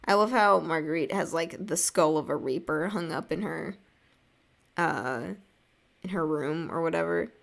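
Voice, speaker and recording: On her livestream, a young woman from the United States draws and chats, reading viewers' messages aloud and rambling casually with plenty of "like" and quiet laughs. This art streamer has a low-pitched, creaky voice and a slightly slow pace.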